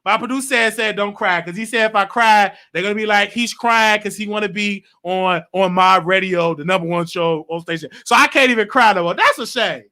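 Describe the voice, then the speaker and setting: A man's voice: sits high, moderate pace, hardly any pauses, pushed and bright. A man in his late twenties hosting a gossip show, talking in a rambling, emotional, casual way. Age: late 20s. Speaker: show host.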